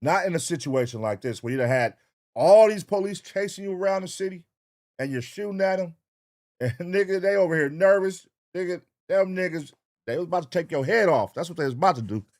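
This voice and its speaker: High-voiced man hosting a late-night livestream. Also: dry recording, clean studio sound. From US West Coast. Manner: loose, profane, hypes up and shouts out chat viewers, sing-song. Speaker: livestream reaction host.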